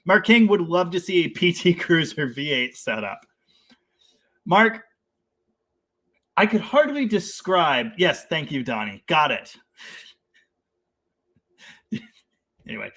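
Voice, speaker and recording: A Canadian man hosts a casual live stream, reading viewer comments and riffing on them with easy laughter. His voice sits slightly high and sounds bright and forceful. He rambles excitedly from one idea to the next. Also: slow, pauses often.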